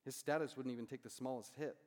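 Speaking quickly and casually, this pastor preaches in a mid-range voice of ordinary pitch, repeatedly tacking a "right?" onto his points. His words echo with a long tail of reverb that suggests a big sanctuary.

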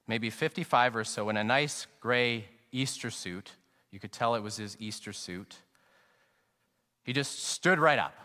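A middle-aged male pastor preaching an earnest, reflective sermon, slowing down to stress key phrases. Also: medium pitch, sharp tone. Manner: earnest and reflective, anecdotal, slows down for emphasis. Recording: long reverb, sanctuary acoustics.

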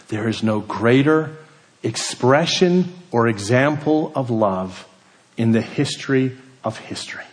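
A male pastor delivers a sermon at an unhurried, deliberate pace. His voice sits at a middle pitch, climbs on the words he wants to stress, and sinks low and soft at the end of a thought. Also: lively intonation, long reverb tail. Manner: measured preaching, rising for emphasis then dropping to a hush.

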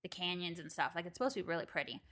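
Chatty swearing woman, bright voice. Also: fairly low pitch, lively intonation, very fast. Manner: chatty, swears freely, acts out quotes. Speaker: podcast co-host. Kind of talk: casual chat.

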